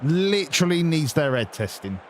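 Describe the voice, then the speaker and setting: A man's voice: on the high side, very animated, moderate pace, a little hiss or hum. An English man hosting a stream, chatting in a sarcastic, sweary, ranting way. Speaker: stream host. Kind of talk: casual chat.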